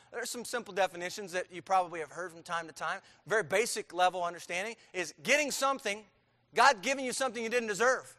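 A male pastor preaching in a high, bright, ringing voice. He presses his points with rhetorical questions and sudden emphatic bursts. His words carry a long reverb from a large church hall. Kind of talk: sermon.

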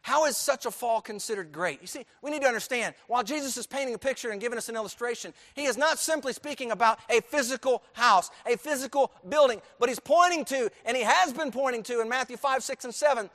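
A man with a high voice preaching to his congregation. He swings between soft, low passages and loud, driving emphasis, and throws questions out for the people to answer. His voice carries a long reverb through the church. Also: fast talker, few pauses. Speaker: pastor. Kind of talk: sermon. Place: church sanctuary.

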